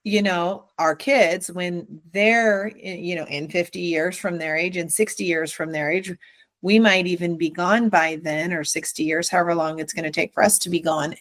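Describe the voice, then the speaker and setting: A middle-aged woman host and mother of five, talking in an animated, quick, rambling way in casual chat. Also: lowish voice, no echo.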